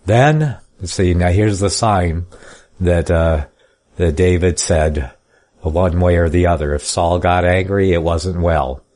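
A man with a very low voice teaches a Bible study. He reads scripture in an old formal style, then drops into plainspoken, folksy asides to explain it. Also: fairly even intonation, slow, a little mellow. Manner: reads scripture in King James style then comments casually. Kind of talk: Bible study reading and commentary.

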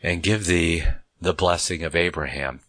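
Reading Bible passages at a measured pace, this deep-voiced man pauses for conversational commentary and frequently restarts his sentences. His tone is steady and a bit bright, and the recording is dry.

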